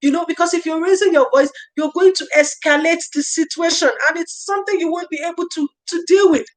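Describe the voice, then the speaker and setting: High-voiced woman hosting a livestream. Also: a little fast, low-quality recording. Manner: reads out viewer comments and thanks viewers warmly by name; earnest advice-giving with repeated phrases. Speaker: livestream host. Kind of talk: casual livestream talk on early years parenting.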